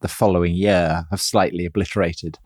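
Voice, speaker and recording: A man co-hosting a history podcast, adding measured, wry comments. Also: low voice, fairly even intonation, dry recording, studio quality. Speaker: podcast co-host.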